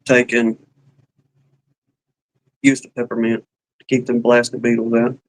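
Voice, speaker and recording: A man's voice: mid-range voice, monotone, unhurried, low-quality recording. A man with a Southern US accent co-hosting a casual beekeeping live chat, talking in a folksy, rambling way with plenty of fillers. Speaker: beekeeping livestream co-host.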